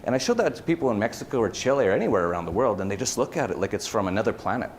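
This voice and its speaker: Man speaker, lowish voice, rambling anecdotes with fillers, faint background hiss. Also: very fast. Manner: animated storytelling with many fillers and restarts. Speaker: conference speaker. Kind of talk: casual conference talk. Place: event hall.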